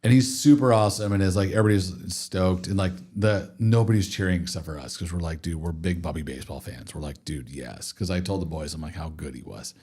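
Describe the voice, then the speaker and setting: Man, low voice, casual podcast chat, animated anecdotes about his sons. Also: quick pace, few pauses, husky. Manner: animated storyteller, acts out his kids' lines. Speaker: podcast host, father of two young boys.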